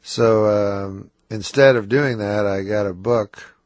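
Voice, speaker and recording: A man's voice: lowish voice, slow pace, no room sound. A congested man with a nasal, slurring voice, mumbling through a radio studio interview as a comedian guest. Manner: mumbling, self-deprecating, laughs often. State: congested and slurring from cold medicine. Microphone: studio microphone.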